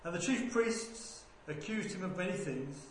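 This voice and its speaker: High-voiced man reading scripture in echoing room. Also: expressive. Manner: measured, deliberate reading that rises for quoted speech. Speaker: scripture reader. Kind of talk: bible reading aloud. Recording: very echoey room with faint background noise.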